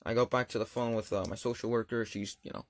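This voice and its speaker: A man's voice: mid-range voice, little pitch movement, fast talker. A young man casually telling a personal story over gameplay, rambling and slangy with lots of fillers. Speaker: gaming channel storyteller.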